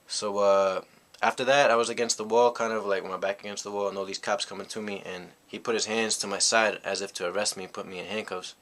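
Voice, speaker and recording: A young man from the United States talks through a personal story in a deep voice that stays level. His tone is bright and forceful, and he rambles, circling back with "you know" after nearly every thought. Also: fairly even intonation, a little fast, few pauses. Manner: rambling, reflective, heavy on "you know" fillers. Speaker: vlogger. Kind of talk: casual storytelling monologue.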